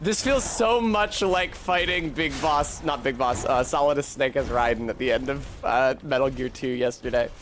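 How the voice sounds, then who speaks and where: A man's voice: medium pitch, normal speed, few pauses, a bit bright, slight background noise. A man streaming a video game, giving casual, profane commentary, talking back to the game and to his chat.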